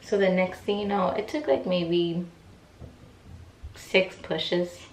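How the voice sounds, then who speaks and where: A young woman chats through a personal storytime, full of fillers and little acted-out quotes. Her voice sits a bit low and sounds set back from the mic in an echoey room. A faint hum of ambience is heard behind her. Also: steady tone, slow, recorded from a distance. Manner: chatty, many fillers, acts out quoted voices. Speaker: vlogger. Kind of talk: casual storytime.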